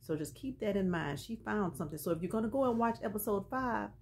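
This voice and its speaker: A woman casually recapping a TV episode in an animated, chatty storytelling way, full of colloquial asides. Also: medium pitch, fast, creaky.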